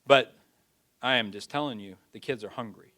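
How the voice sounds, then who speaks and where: A man's voice: medium pitch, normal speed, bright, forceful tone, natural voice. Brief: preacher voicing a frustrated mother in a sermon retelling, pleading, exasperated, nearly his own voice. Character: worn-out frustrated young mother, woman.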